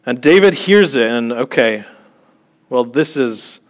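Male preacher, unhurried delivery, chatty sermon style, peppers his teaching with light jokes and "okay?" checks. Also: medium pitch, expressive. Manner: conversational, with joking asides and frequent "okay?" check-ins.

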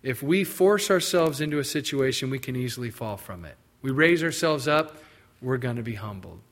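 A man's voice: mid-range voice, animated, normal speed, a bit bright. A man preaching a sermon, reading scripture aloud and then explaining it in plain, conversational terms. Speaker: pastor. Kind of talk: expository sermon.

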